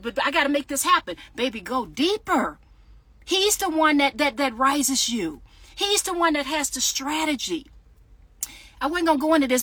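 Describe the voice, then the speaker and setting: A woman podcaster and author livestreams by phone from her parked car, preaching fervently straight to her viewers and reading out their comments. Her high voice is bright and forceful on a dry recording, and she's sweating in the hot car.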